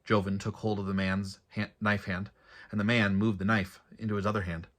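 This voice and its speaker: A man, an author, reading his own fantasy novel aloud in a steady, measured way. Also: lowish voice.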